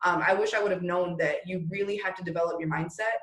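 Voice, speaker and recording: A woman's voice: on the low side, fairly even intonation, fast talker, a bit bright. A woman talking business motivation as a guest, rambling and restarting her sentences as she speaks straight to the listeners. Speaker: network marketing leader guest. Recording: roomy echo.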